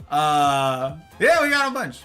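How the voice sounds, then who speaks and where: Male streamer, lively swooping delivery, bright tone, playful chatter, faint music behind. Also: fairly high pitch. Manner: animated, playful, reacts to chat. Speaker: livestream host. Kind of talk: casual chat with viewers.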